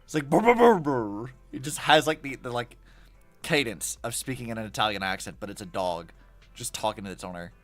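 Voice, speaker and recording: A young man commenting casually on a game he is playing, chatty and animated with lots of fillers. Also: lowish voice, fairly quick, soft background music. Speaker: streamer.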